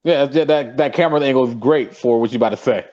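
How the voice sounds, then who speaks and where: A man's voice: mid-range voice, quick pace, a little mellow, muffled recording. A young man co-hosting a casual sports podcast, teasing his friend in a playful manner. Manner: teasing, playful, laughs often. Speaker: podcast co-host.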